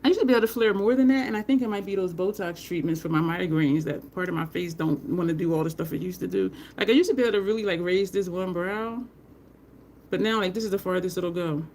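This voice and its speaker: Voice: mid-range voice, fast, a little mellow, slight background noise. Brief: talkative makeup host at home, rambling storyteller, mid-range voice, laughs often. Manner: greets live viewers by name. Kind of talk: casual chat while doing makeup.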